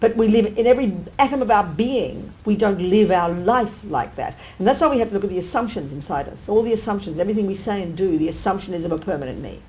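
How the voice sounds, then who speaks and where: A nun giving a dharma teaching in a blunt, emphatic, colloquial way, full of rhetorical questions. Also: female voice, mid-range voice, lively intonation, quick pace, hardly any pauses, warm tone, slight background noise, low-quality recording. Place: meditation centre teaching hall.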